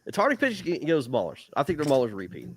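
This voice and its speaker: A man hosting a casual live stream, upbeat and quick to laugh, trailing into repeated filler words. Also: mid-range voice, wildly swooping pitch. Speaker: host, league commissioner.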